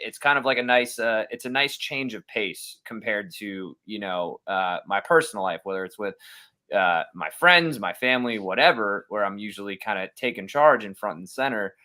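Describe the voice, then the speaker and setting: Male producer, low pitch, bright forceful tone, easygoing and outgoing, stammers a bit. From Austin, Texas area. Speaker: podcast producer and co-host. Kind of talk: casual podcast chat.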